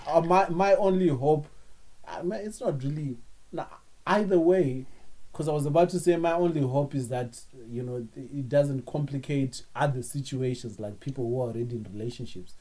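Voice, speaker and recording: A man in a casual podcast chat, animated and often repeating words as he talks. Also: medium pitch, normal speed.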